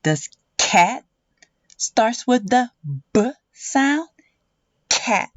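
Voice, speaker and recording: Slow, sing-song woman teaching kids. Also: a little high, lively intonation, no echo. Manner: slow, drawn-out, exaggerated sounding-out for kids. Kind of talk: children's phonics lesson. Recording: dull, muffled lo-fi audio.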